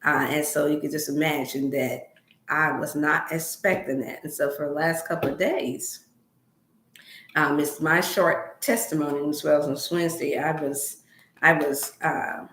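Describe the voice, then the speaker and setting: A woman's voice: low voice, unhurried, a bit bright, roomy sound, a little hiss or hum. A middle-aged woman hosting a wellness livestream from her home, chatting in a rambling, folksy way and leading a prayer. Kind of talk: casual livestream chat with prayer. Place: room at home.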